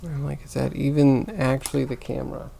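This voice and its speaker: Exasperated gravelly-voiced male streamer. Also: mid-range voice, fairly even intonation, a little fast, warm tone, a little hiss or hum. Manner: exasperated venting, complaining aloud to viewers. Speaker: livestreamer. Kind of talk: casual livestream chat while working on a computer.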